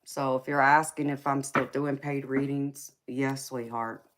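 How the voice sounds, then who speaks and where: A woman's voice: rumbling low, level tone, unhurried, background noise. A woman with a Southern US accent, hosting a tarot reading live stream in a casual, folksy chat and calling her listeners baby, sweetheart and honey.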